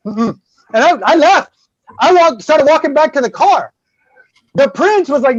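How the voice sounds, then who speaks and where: A man's voice: very high-pitched, expressive, moderate pace, dry recording. Profane man spinning a story, lo-fi. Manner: profane, swearing freely; acts out the people in his stories. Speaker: guest host. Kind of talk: casual podcast storytelling.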